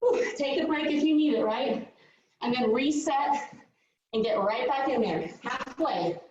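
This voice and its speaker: A woman's voice: high voice, unhurried, a little mellow, heavy reverb, far from the mic, muffled recording. A woman fitness coach leading a live workout, out of breath, upbeat and counting down the reps.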